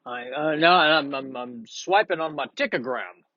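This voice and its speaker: Sniffly male comic rambling, self-mocking, mid pitch, dry slightly muffled sound. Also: moderate pace, sharp tone, no room sound. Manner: self-deprecating, rambling with many restarts. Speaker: comedian vlogger. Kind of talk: casual rambling monologue.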